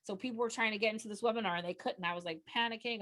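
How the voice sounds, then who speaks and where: A middle-aged woman giving a webinar presentation into a close microphone, earnest and chatty, often restarting her sentences and jumping up in pitch when excited. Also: quick pace. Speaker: nonprofit communication trainer.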